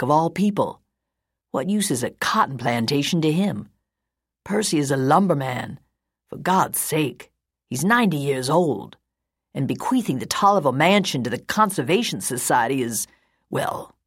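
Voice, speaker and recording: A woman's voice: a bass voice, husky, no room sound, studio quality, heavily acted. Woman voicing a dismayed older male attorney. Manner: measured, earnest pleading.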